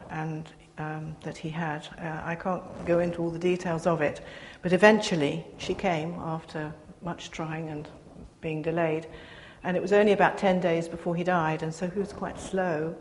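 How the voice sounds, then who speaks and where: An older woman giving a personal testimony to a gathering, speaking earnestly with pauses and restarts. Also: fairly low pitch, steady tone. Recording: reverberant hall, faint background noise.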